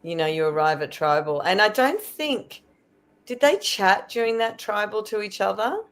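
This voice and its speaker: A woman's voice: medium pitch, lively intonation, moderate pace, a bit bright. A woman guest on a fan podcast, chatting in a conversational, thoughtful way. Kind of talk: casual fan chat.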